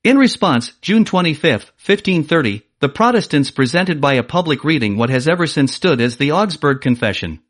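A man giving a measured, emphatic scripted reading of a religious treatise. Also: fairly high pitch, sing-song. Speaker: reader.

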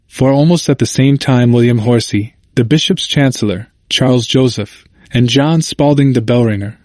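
A man narrates a history text in a steady, measured reading voice of middling pitch. The recording is dry and close, with no room sound around him. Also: no room sound. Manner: steady, measured reading, quotes read with only slight lift. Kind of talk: scripted narration of a history book.

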